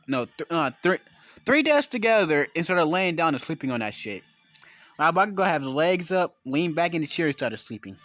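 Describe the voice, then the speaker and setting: A man's voice: on the high side, fairly bright tone, no echo. A man casually telling a made-up fan story, rambling with slang, swearing and constant self-corrections.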